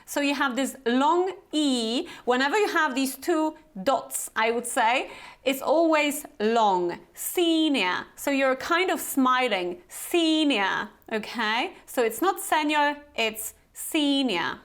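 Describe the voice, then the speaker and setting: Polish-accented woman trainer, careful pronunciation lesson, high voice, unhurried delivery. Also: animated, a bit bright. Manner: slow, careful, repeats words for learners to copy. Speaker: Business English trainer.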